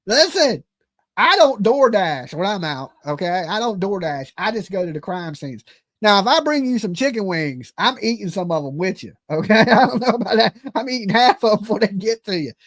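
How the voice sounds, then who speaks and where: A high-voiced man hosts a casual livestream of reaction commentary, talking brashly with plenty of swearing and laughter and punctuating his points with "okay?". His intonation is lively, his pace fairly quick, and his tone fairly bright, in a dry, studio-quality recording.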